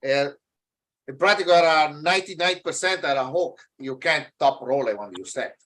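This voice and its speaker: A man in his fifties, not a native English speaker, chatting as a guest in halting, broken English with many fillers. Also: fairly high pitch, a bit bright. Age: 50s. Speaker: arm wrestler guest. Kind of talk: casual podcast chat.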